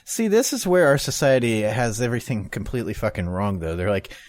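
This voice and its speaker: A man co-hosting a podcast in a loose, jokey way, laughing often and swearing casually. His pitch is average, and the recording is dry and close. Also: very animated, brisk, a little mellow, dry recording. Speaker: podcast co-host.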